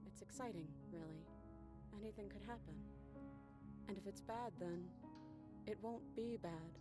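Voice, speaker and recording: A woman voicing a tender, nervous princess in a video game, reading her lines in a quiet, soft voice. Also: mid-range voice, moderate pace, loud music behind the voice, pitched below the performer's own voice, natural voice. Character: tender young princess, brave but nervous.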